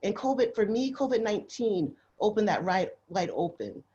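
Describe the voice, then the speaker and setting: A woman's voice: medium pitch, lively intonation, moderate pace, warm tone. Impassioned woman on a muffled call. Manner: impassioned, repeats herself. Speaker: nurse panelist. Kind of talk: webinar panel discussion. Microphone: video call.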